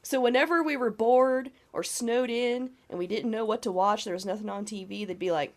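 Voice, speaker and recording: A woman's voice: on the high side, moderate pace, few pauses. A young woman with a cold, her voice nasal and scratchy, chatting eagerly and swearing on a horror podcast. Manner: enthusiastic, swears casually. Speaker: podcast co-host. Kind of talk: casual horror podcast chat.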